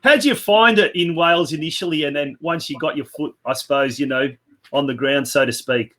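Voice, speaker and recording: A man's voice: on the high side, fairly quick, fairly bright tone. A man co-hosting a podcast, asking long rambling questions full of fillers. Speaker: podcast co-host. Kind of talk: casual podcast interview.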